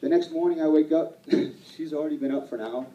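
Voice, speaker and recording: A man's voice: on the high side, steady tone, fast, mellow, echoey room, recorded from a distance, muffled recording. A man telling a personal story to an audience at an event, self-deprecating and rambling, laughing often. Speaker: speaker at a sales event.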